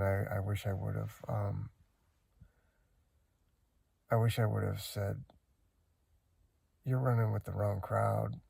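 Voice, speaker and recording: A man's voice: on the low side, gravelly, mellow, husky, no room sound. A man vlogging from inside his van, rambling and hesitant as he regretfully retells a night's events in casual talk. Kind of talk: casual spoken recollection.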